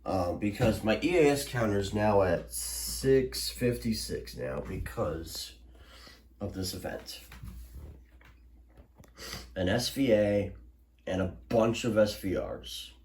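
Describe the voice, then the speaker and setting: Low-voiced young man rambling in an echoey room. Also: lively intonation, slow pace, pauses often, darkish tone. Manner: rambling, many restarts and fillers. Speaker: weather alert vlogger. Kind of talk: casual recap to camera. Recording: roomy echo.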